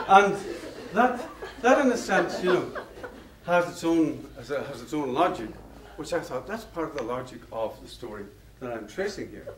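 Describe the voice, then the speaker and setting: A man's voice: on the high side, sing-song, moderate pace, noisy background. A man giving a public lecture, telling stories in a discursive, anecdotal way and chuckling at his own tales. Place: lecture hall. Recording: roomy hall, mic far off.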